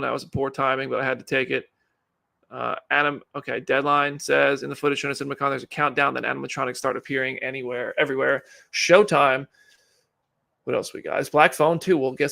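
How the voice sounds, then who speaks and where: Male live-stream host, chatty, gravelly, bright tone; reads chat and news. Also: medium pitch. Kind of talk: casual live commentary.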